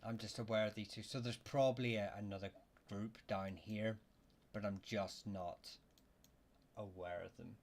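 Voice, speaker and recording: A man's voice: lowish voice, fairly even intonation, moderate pace. A man hosting a livestream and answering viewers' questions, with lots of "uh" and "um" and frequent restarts. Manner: hesitant, many fillers and restarts; reads chat questions aloud. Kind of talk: casual livestream chat.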